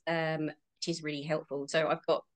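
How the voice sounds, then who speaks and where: Laughing British woman, slightly low voice. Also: level tone, normal speed. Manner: friendly, laughs often, uses fillers. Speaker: voice actress guest. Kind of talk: casual interview chat.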